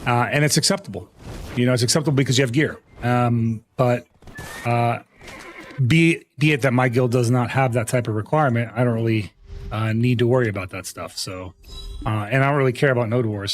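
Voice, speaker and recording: A man streaming a game live, chatting casually with his viewers, rambling with many fillers and restarts. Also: mid-range voice. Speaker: gaming streamer.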